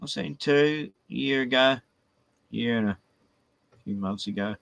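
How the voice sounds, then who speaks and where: A man's voice: mid-range voice, a little slow, gravelly, a bit bright, dry recording, low-quality recording. A man, hosting a casual, rambling live stream, swearing a lot and chatting to his dogs, with a cough.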